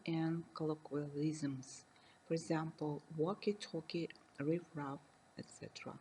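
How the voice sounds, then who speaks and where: Woman lecturer, measured and careful delivery, soft dark tone. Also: lowish voice, slight background noise, poor audio. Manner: reads slowly and carefully, defining terms with examples. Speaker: university lecturer. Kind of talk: recorded lecture reading.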